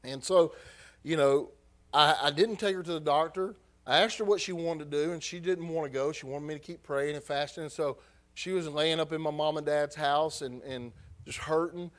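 High-voiced man preaching a story. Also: normal speed. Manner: emotional, rising from hushed to loud. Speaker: pastor. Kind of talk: sermon storytelling.

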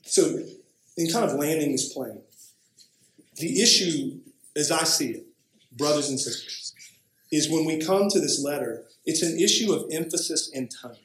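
A man's voice: on the high side, lively intonation, moderate pace, a bit bright, slight background noise. Man preaching in an echoey church. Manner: emphatic preaching with frequent "right?" asides. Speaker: pastor. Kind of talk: sermon.

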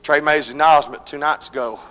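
A man preaching a revival sermon, swinging between shouted, chanted lines and quieter pleading passages. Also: fairly even intonation, fast talker. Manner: shouting, chanting preaching with sudden drops to low intensity. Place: church. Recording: echoey church hall with congregation.

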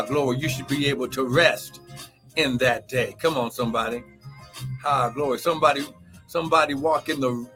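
A man preaching and praying as a pastor in a live morning service, fervent, with shouted exclamations and speaking in tongues. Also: a little high. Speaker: pastor and prophet.

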